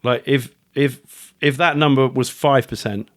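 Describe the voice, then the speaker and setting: A man's voice: mid-range voice, fairly even intonation, measured pace, a bit bright. A middle-aged man from the United Kingdom, an author talking as a guest in a casual podcast interview, chatty, swearing, restarting his sentences often. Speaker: guest, author and fund manager.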